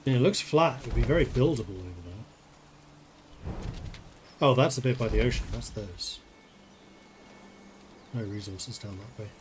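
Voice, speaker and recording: A man's voice: fairly low pitch, a little slow, long pauses, slight background noise. A man streaming a game, casually thinking aloud and playing with wordplay. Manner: musing aloud, playful with wordplay. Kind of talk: casual live-stream gameplay commentary.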